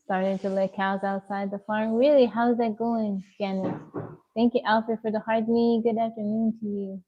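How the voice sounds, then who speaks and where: A woman's voice: medium pitch, little pitch movement, moderate pace, dull audio. A woman livestreaming from her home, chatting casually and answering viewer comments one by one. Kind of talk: casual live-stream chat reading comments.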